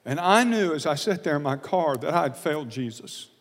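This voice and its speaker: A man preaching a sermon, telling a personal story in an earnest, confessional way, often halting and repeating words. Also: on the high side, expressive, in a large hall.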